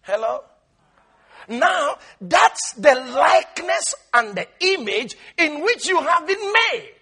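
A male pastor preaching a sermon, emphatic, stretching his words out and breaking into shouts. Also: very high voice, sing-song, takes it slowly.

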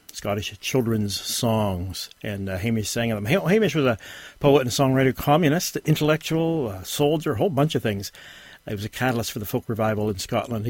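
A man presenting a folk music radio show in a rambling, relaxed way, with many fillers and self-corrections. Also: fairly low pitch, no room sound. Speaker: radio host.

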